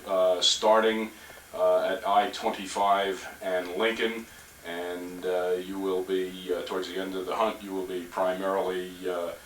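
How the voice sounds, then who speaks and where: A man acting as net control on an amateur radio net, polite and measured, with frequent hesitations. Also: low-pitched, little pitch movement, slight background noise. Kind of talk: procedural radio net talk. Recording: echoey room, camcorder from far off.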